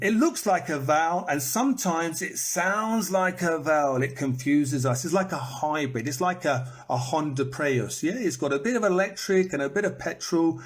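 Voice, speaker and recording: This man, an English teacher, runs a live lesson online, saying words over to mark their stress and sometimes singing short pieces. His husky voice is on the high side, captured on a phone.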